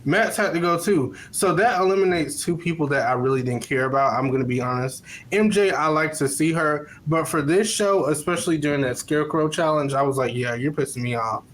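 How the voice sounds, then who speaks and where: A man's voice: a little high, brisk, hardly any pauses, fairly bright tone, rough recording. A man co-hosting a casual podcast, giving blunt, opinionated takes with casual cursing. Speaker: podcast co-host. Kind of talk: casual chat.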